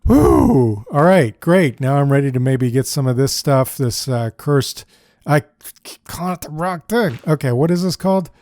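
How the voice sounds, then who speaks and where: Gameplay commentator: man, mellow tone, chatty, thinks out loud, casual delivery. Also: fairly high pitch, normal speed, no room sound, studio quality. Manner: chatty, thinks aloud, often says "dude". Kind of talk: casual let's-play commentary.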